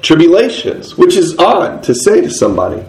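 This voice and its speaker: A man's voice: fairly high pitch, wildly swooping pitch, normal speed, darkish tone, poor audio. A middle-aged man preaching an earnest, conversational sermon, reading and explaining Bible verses.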